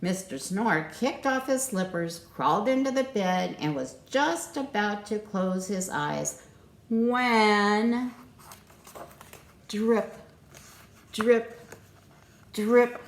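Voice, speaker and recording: A woman reads a children's picture book aloud in a playful, gentle way, asking young listeners to join in. Her lively voice swoops up and down with a slight gravelly edge. The room around her is echoey. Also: mid-range voice, slow. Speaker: storyteller reading to children.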